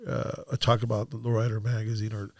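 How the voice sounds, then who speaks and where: A man hosting a podcast in casual conversation, easygoing and quick to agree. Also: on the low side, flat delivery, gravelly, darkish tone, no echo. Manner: easygoing, frequent agreeing interjections. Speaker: podcast host.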